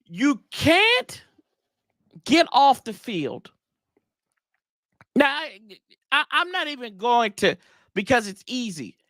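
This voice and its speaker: High-pitched, animated male sports ranter. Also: slow, long pauses, dry recording, studio quality. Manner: animated, rambling and exasperated, with slangy asides to viewers. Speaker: sports podcast host. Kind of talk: casual sports rant.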